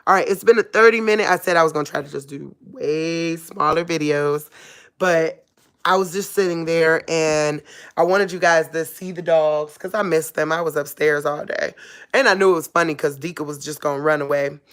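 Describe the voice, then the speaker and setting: A woman's voice: low voice, moderate pace, fairly bright tone, clean tone. A woman vlogger talking casually to camera at home, laid-back and chuckling, in loose everyday speech.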